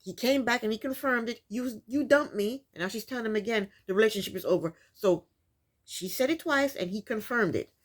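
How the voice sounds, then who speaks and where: A woman's voice: on the high side, a little fast. A woman host recapping a reality TV episode in casual commentary, incredulous and repeating her points for emphasis.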